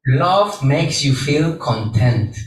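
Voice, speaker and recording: A man, a Buddhist monk, giving a gentle sermon to a live audience and repeating phrases for emphasis. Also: fairly high pitch, expressive, slow. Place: large echoey hall with audience. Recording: roomy hall, distant mic, faint background hum.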